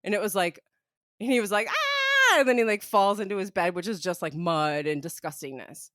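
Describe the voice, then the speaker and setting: A woman's voice: fairly low pitch, brisk, no echo, clean studio sound. A young woman co-hosting a casual podcast, telling stories in a chatty way with lots of fillers. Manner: chatty, lots of "like", animated storytelling. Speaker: podcast co-host.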